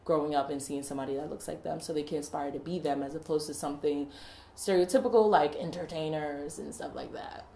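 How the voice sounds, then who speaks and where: A woman co-hosting a podcast in casual chat, talking in an animated way with lots of fillers and laughter. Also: low-pitched. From West Indies. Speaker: podcast co-host. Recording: echoey room.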